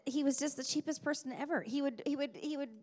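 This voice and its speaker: A woman's voice: high voice, steady tone, fast talker, a little mellow. A woman voice actor on a convention panel, telling a rambling story and acting out the quotes. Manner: chatty, rambling storyteller who acts out quotes. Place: convention hall. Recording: reverberant convention hall.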